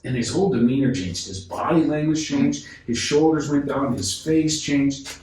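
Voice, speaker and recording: A man who is a guest on a podcast, telling a sales story with animated delivery, acting out the dialogue and often restarting his sentences. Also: mid-range voice, moderate pace. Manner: acts out dialogue, frequent restarts. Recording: echoey room, distant mic, faint noise.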